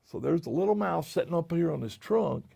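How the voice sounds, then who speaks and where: Gravelly, animated man reading to kids. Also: on the high side, fairly quick. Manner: pointing out the pictures. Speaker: storyteller. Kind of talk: reading a picture book aloud to children.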